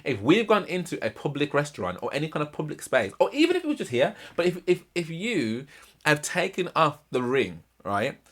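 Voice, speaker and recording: A man's voice: a little high, fairly quick. A man hosting a reaction channel, commenting casually and emphatically. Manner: animated, emphatic, repeats himself for emphasis.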